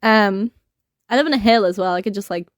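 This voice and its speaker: A woman's voice: medium pitch, a little fast, no room sound. Young girl hosting a pod, swears a lot, laughs a lot, dry close sound. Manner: sweary, laughing, animated storytelling. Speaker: podcast host. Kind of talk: casual chat, storytelling.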